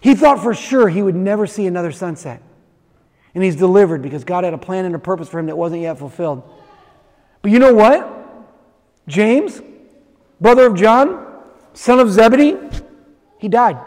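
A man's voice: high voice, animated, moderate pace, pauses often, a little mellow. A man preaching a sermon, retelling a story with acted-out voices and then speaking directly to the congregation. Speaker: pastor. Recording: long reverb of a large hall.

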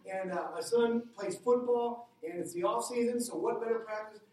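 A middle-aged man, a pastor, preaching a sermon with a lively personal story, his voice climbing when he gets excited. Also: moderate pace, far from the mic. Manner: animated storytelling, jumps higher when excited. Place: church hall. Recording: echoey hall, heard from afar.

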